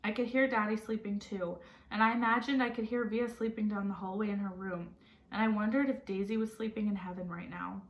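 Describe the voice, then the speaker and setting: A woman teacher reading a novel aloud and stopping to reflect gently and ask her listeners questions. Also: mid-range voice, steady tone, brisk. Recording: roomy echo.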